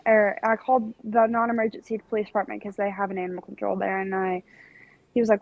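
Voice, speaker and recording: Casting: young woman, podcast co-host, animated rambling storyteller, dry close sound. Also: mid-range voice, fast talker, no room sound, highs cut off. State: recovering from strep throat. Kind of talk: casual chat, storytelling.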